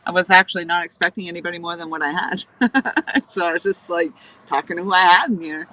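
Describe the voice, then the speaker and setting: A woman's voice: lowish voice, brisk, sharp tone, low-quality recording. Rambling nasal-sounding woman streaming chat. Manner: rambling, chatty, laughs often. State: stuffy, nasal from blocked sinuses. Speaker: fishing livestream host. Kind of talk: casual live-stream chat. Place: outdoors by a river.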